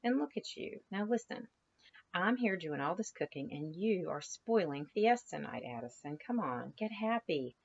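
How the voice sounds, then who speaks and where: A brash, chatty mother, as a woman reading aloud puts her on, breezy and coaxing with a sing-song lilt. Her voice sits low with a gravelly edge. The recording sounds slightly dull and lo-fi, with a faint hiss behind it. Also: lively intonation, normal speed.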